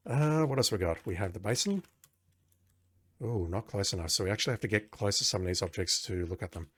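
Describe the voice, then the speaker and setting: A man's voice: on the low side, animated, brisk, a bit bright. A man playing an old adventure game, reading its text aloud and adding wry, joking asides. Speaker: game commentator.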